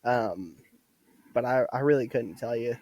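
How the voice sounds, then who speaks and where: A young man in his twenties, a podcast guest, chatting in an easygoing, profane storytelling style with frequent laughs. His voice sits at an ordinary middle pitch. The recording is dry and close, with no room echo. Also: measured pace, darkish tone. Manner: laid-back, swears a lot, laughs often. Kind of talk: casual storytelling. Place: podcast studio.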